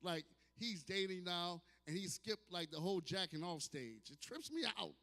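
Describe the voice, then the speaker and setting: High-pitched and expressive at a normal speed, a New Orleans stand-up comedian in his fifties plays a distillery bar with a live audience. He's loud, brash, and profane, with sudden shouts and acted asides, and there's hall reverb from the club room on the recording.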